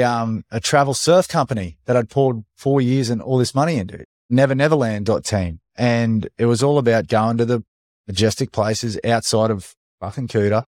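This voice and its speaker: An energetic Australian man hosting a casual podcast interview, talking bluntly with some swearing and calling his guest mate. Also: mid-range voice, no echo. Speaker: podcast host.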